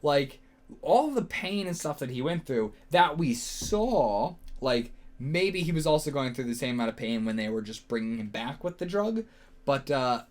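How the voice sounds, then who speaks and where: A man's voice: on the high side, a little mellow. A man, hosting a casual solo reaction video, rambling and second-guessing himself with lots of fillers. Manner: rambling, self-questioning, frequent fillers and swearing.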